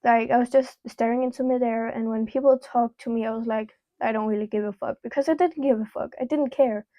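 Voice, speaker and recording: A teenage girl talks straight to her camera, recounting a story in a loose, rambling way, leaning on "like" and dropping swear words freely. Her voice sits a little high but sounds mellow and dark, and the sound is dry and close, with little room echo. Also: steady tone, brisk. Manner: candid, rambling, heavy use of "like" and swearing. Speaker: vlogger. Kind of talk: casual storytime monologue. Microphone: small clip-on mic.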